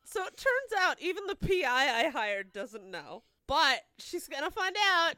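Giggly high-pitched woman role-playing. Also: big pitch swings, measured pace, sharp tone, no room sound. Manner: giggly, frantic, often laughing. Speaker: player. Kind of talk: tabletop role-play, in and out of character.

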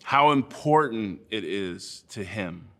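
A man preaching a sermon as a pastor, speaking in a measured, earnest way with slow, deliberate phrasing. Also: on the low side, expressive, pushed and bright.

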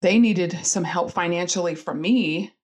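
A woman's voice: on the low side, measured pace, darkish tone, slightly rough. Earnest mother telling her story. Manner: earnest, candid, with many fillers and restarts. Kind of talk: personal storytelling.

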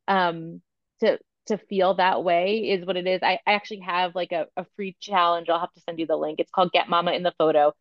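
A woman in her thirties, a photographer and coach, talking candidly in an interview, animated and full of filler words. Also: medium pitch, no echo, lo-fi sound. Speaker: podcast guest, photographer and coach.

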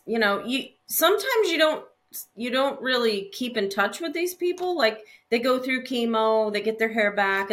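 A middle-aged woman, a hairstylist guest, telling stories in an animated, chatty way with frequent laughs and restarts. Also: medium pitch. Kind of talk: conversational storytelling.

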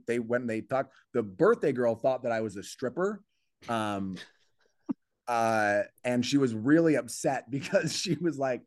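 A comedian guest on a podcast tells a story in easygoing interview chat, his pitch jumping up whenever he acts out someone's words. He thinks aloud, so phrases restart and pile up, and the sound is dry and close with no room around it.

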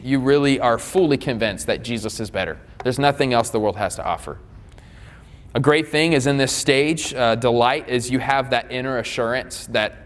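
A male pastor delivering a sermon in a relaxed, conversational way. He corrects himself mid-sentence and throws in quick asides to the room. His voice sits at an ordinary middle pitch and trails off in the long reverb of a church hall.

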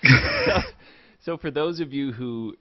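A man's voice: mid-range voice, huge pitch swings, takes it slowly, dry recording. A man hosting a podcast in casual chat, teasing his guests and laughing often. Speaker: podcast host. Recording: dull lo-fi dry sound.

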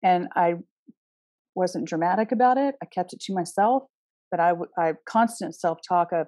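A woman's voice: on the low side, normal speed, mellow, no echo, studio quality. A woman giving an astrology talk in a casual, earnest way, pressing her point with emphatic rhetorical questions and the odd blunt swear word. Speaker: astrology speaker.

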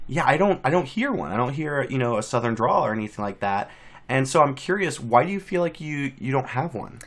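A man's voice: medium pitch, sing-song, brisk, a bit bright. A man from Georgia with no Southern accent, hosting a casual interview in a friendly, rambling way with many restarts. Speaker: interview host.

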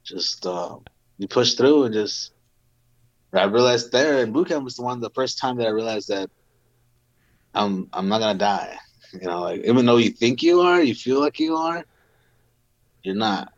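A man in his forties, a Marine veteran, telling stories casually in an interview, full of fillers and quick laughs. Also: mid-range voice, animated, no room sound, highs cut off.

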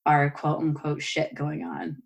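Low-voiced, earnest woman host. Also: flat delivery, a little slow, vocal fry. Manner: earnest, encouraging, conversational. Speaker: podcast host and yoga teacher. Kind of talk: casual conversation.

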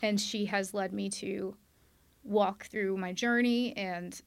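A woman's voice: medium pitch, fairly even intonation, takes it slowly, creaky, clear, resonant tone. A woman sharing a candid personal testimony on a podcast, earnest and quoting her past self aloud. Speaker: guest sharing her story.

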